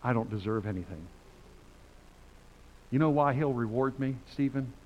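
An older man preaching a sermon in a conversational, animated way, reading scripture and acting out quotes. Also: medium pitch, normal speed, dull audio, slight background noise.

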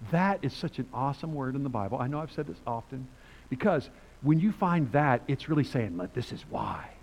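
This older preacher talks fairly quickly in a mid-range voice, the recording muffled. His sermon is animated and conversational, with scripture readings and quotes he acts out.

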